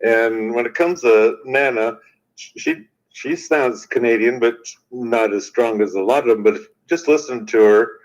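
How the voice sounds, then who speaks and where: A man from the United States with a deep voice, chatting casually and joking dryly. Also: highs cut off. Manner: relaxed, dry joking, drawn-out opinions. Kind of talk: casual live-stream chat.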